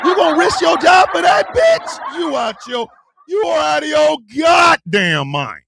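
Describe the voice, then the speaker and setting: Casting: high, gravelly-voiced man, loud and crude live-stream ranter with a wide-swinging delivery. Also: huge pitch swings, a little slow, very noisy. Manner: loud, profane, shouting and laughing, swings from yelling to muttering. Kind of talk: profane live-stream rant.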